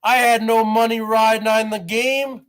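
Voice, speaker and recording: A man's voice: high voice, flat delivery, moderate pace, a bit bright. A boastful man from New Jersey hosting a rambling live stream, calling the audience "folks" and greeting viewers by name. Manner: boastful, repeats "folks" and "bottom line".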